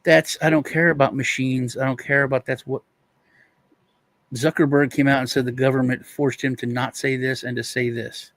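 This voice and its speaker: A man's voice: mid-range voice, level tone, moderate pace, a bit bright, no echo. A male co-host rambling through a casual chat, retelling stories with restarts and quoted voices.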